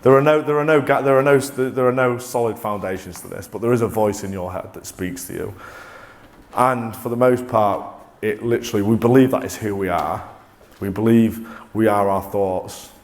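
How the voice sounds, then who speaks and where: A man presenting a motivational talk to a live audience, energetic and coaxing, often restarting mid-sentence. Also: on the low side, normal speed. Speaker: corporate presenter.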